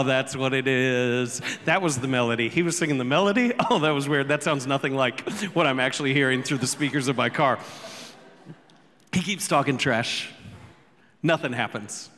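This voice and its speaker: A man preaching a sermon as pastor, telling the story with jokes, quick asides and sudden shouts. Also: medium pitch, steady tone, in a large hall. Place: church sanctuary.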